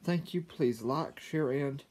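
A man telling a personal story to his viewers, halting, with frequent stammers and restarts. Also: medium pitch, noisy background. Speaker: vlogger. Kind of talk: casual storytelling to camera.

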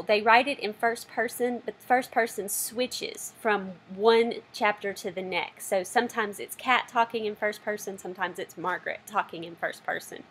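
A woman's voice: mid-range voice, fairly bright tone, slightly rough. A woman hosting her knitting video podcast from home, chatty and self-deprecating. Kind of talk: casual video podcast chat.

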